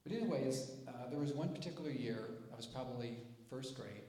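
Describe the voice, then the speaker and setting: A man's voice: mid-range voice, brisk, slight background noise. Folksy man telling stories in an echoey hall. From grew up on a dairy farm. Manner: folksy, animated, acts out voices in stories. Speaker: inventor and speaker at an inventors' meeting. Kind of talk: storytelling presentation. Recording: echoey hall, live stream.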